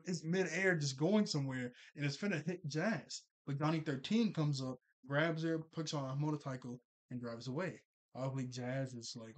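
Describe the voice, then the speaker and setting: A young man in a loose, unscripted recap of a cartoon episode. He laughs often, stops to fix his own slips, and jumps into quick acted bits of the characters' lines. His voice sits in an ordinary middle pitch.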